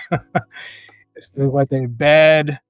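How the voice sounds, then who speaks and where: A man talking in an interview as an educator and activist, earnest and reflective, building his points in measured phrases and laughing often. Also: mid-range voice, fairly even intonation, no echo, faint music behind. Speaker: podcast guest, educator and activist.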